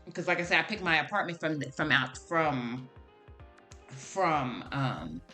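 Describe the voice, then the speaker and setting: A woman vlogger telling a story straight to her viewers, chatty and full of animated exclamations. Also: low voice. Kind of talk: casual storytelling to the camera.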